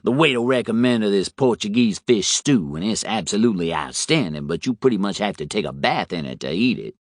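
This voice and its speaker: A man voicing an exasperated businessman talking on his cell phone, raised and lively. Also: on the low side, a little fast, no echo, studio quality. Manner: brash, exasperated.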